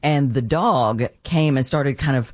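A man hosting an interview, chatty and quick to laugh, telling a story about his own dog. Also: medium pitch, no room sound, studio quality. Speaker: host. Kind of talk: casual interview.

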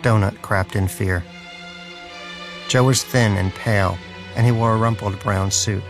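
A man's voice: fairly low pitch, fairly even intonation, a little slow, over music. A man narrating an audiobook in a dry, wry storytelling manner.

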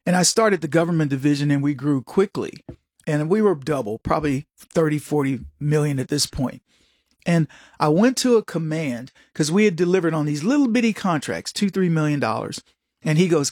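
A middle-aged man hosts a political commentary monologue, emphatic and prone to digressions, with sarcastic asides and anecdotes along the way. His voice sits on the high side with a darkish tone and a slightly fast pace. The studio recording is dry.

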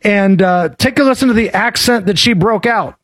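A man's voice: high voice, normal speed, fairly bright tone. A man co-hosting a political talk radio show, sarcastic and mocking, playing clips and riffing on them. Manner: sarcastic, does exaggerated impressions.

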